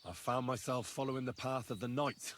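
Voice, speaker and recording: A man's voice: medium pitch, steady tone, brisk, fairly bright tone, a little hiss or hum, lightly acted. A man voicing an earnest, polite young blacksmith's son turned knight in a video game. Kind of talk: game character dialogue.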